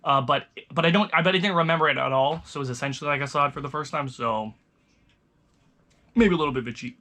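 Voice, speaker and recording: Young man, casual vlog chat, rambling, bright tone, slightly high voice. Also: fast talker. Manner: rambling, loose, restarts sentences often. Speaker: vlogger reviewing movies.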